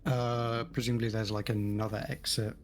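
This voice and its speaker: A man's voice: fairly low pitch, little pitch movement, moderate pace, faint music behind. A man playing in a tabletop game, describing his character's moves hesitantly with fillers. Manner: hesitant, laughs often. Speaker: player. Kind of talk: casual tabletop play.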